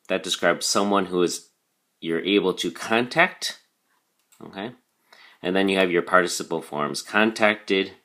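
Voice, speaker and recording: Man, deep low voice, vocabulary lesson, explanatory, filler-heavy. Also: pushed and bright. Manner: explanatory, with frequent ums and "okay?" check-ins. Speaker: teacher.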